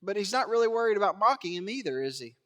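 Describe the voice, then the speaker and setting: A man preaching a sermon in a church, swinging between hushed asides and raised emphatic lines, chuckling and asking rhetorical questions. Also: high-pitched, big pitch swings, fast talker, big-room sound. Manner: acts out biblical quotes in character voices. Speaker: pastor. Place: church sanctuary.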